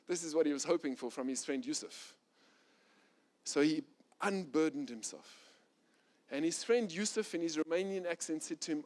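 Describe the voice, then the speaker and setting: Animated preaching man, fairly high voice. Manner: animated preacher, rising loud and fast when intense, dropping soft and low. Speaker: pastor. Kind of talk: sermon.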